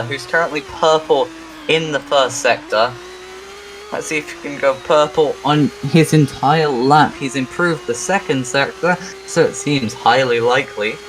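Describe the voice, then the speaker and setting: Joking halting male race commentator. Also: mid-range voice, fairly bright tone, a little hiss or hum, rough recording. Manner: joking, self-deprecating, halting. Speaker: sim racing commentator.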